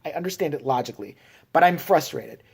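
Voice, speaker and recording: A man's voice: a little high, fast, a little mellow, slightly rough. A man from Chicago telling a story in a sarcastic, profane rant for his vlog. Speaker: vlogger. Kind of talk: ranting storytelling.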